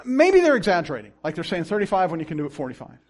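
Man, pastor, sermon, high voice, lively sing-song pitch, acts out quotes. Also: rapid-fire. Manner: animated preaching with acted-out quotes and chuckles.

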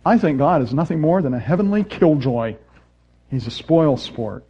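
A man's voice: on the high side, expressive, normal speed, warm tone, slightly rough, highs cut off. A man preaching a sermon, speaking earnestly and putting rhetorical questions to his congregation. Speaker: pastor.

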